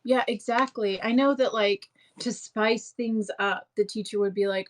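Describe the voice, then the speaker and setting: A woman's voice: mid-range voice, fairly even intonation, a little slow, few pauses, low-quality recording. A young woman hosting a live stream in casual chat, rambling and full of fillers and restarts.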